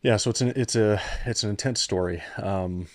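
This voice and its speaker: Earnest man in his thirties, low voice. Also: moderate pace, no room sound. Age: 30s. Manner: earnest, reflective, restarts often when moved. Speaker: podcast guest, founder turned CEO coach. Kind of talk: personal storytelling in a podcast conversation.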